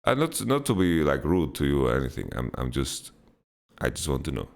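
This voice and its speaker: A man's voice: rumbling low, sing-song, brisk, gravelly. A man hosting a casual Q&A podcast, answering viewer questions bluntly and laughing them off. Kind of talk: casual chat, Q&A.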